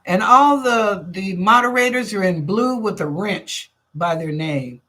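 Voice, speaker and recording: A lively woman hosting a live-streamed psychic reading show, with a middle-range voice. She talks in a chatty, casual way and uses street slang as she reads out viewers' questions and answers them. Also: medium pitch, measured pace. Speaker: psychic reader and show host.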